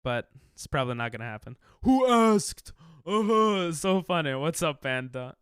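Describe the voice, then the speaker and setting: A young man streams a game while sick, coughing between jokes and answers to chat. His voice is smooth and resonant, and his pitch jumps around a lot. It is recorded close and dry. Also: animated, brisk, a bit bright, no echo. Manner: casual, jokey, reads and answers chat. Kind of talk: live-stream gaming chat.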